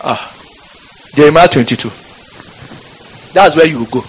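A man preaching a fiery sermon in church, shouting out scripture and calling on the congregation. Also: on the high side, normal speed, slightly rough, poor audio.

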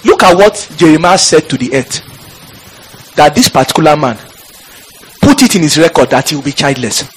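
A man preaching a fiery sermon in church, shouting out scripture and calling on the congregation. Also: on the high side, lively intonation, normal speed, breathy edge, low-quality recording.

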